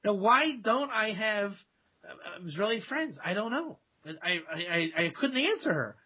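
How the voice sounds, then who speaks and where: A man's voice: high voice, sing-song, normal speed, breathy edge. A man from Ohio, a rabbi speaking as a radio guest, telling stories animatedly with quoted voices. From Dayton, Ohio, USA. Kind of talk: casual radio interview. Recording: dull lo-fi radio sound.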